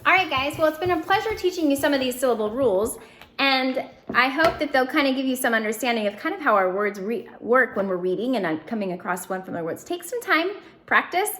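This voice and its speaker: A woman teaching a phonics lesson, drilling syllables slowly and clearly with encouraging prompts. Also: high voice, lively intonation, fairly bright tone, slight background noise. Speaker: reading teacher. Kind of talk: phonics lesson to young students.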